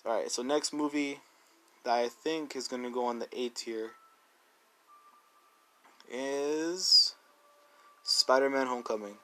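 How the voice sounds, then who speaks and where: A man's voice: medium pitch, takes it slowly, long pauses, bright, forceful tone. A man giving a casual, rambling movie review as a YouTuber, full of "like" and "dude" and eager restarts.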